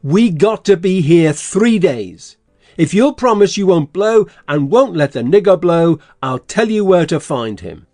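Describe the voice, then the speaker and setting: An actor playing a scheming, bossy swindler in an audiobook, blustering and threatening. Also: male voice, high-pitched, expressive, a little slow, darkish tone, no room sound, clean studio sound, soft background music. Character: scheming middle-aged male swindler, gruff and bossy. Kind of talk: audiobook character reading.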